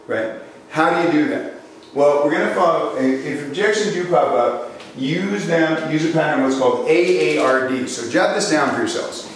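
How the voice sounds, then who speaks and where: A man's voice: fairly high pitch, moderate pace, a little hiss or hum. A man teaching a live sales seminar, telling stories, acting out voices and questioning his audience. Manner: animated storytelling, acts out voices, asks the audience questions. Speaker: sales trainer. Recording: echoey hall, mic from a distance.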